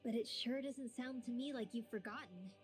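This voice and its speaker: An actress playing a sharp-tongued young female mage in a game, dry and teasing. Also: a little high, moderate pace, close to an everyday voice. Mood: reassuring. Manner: dry, teasing, matter-of-fact. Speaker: game character. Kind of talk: game dialogue acting. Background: game music.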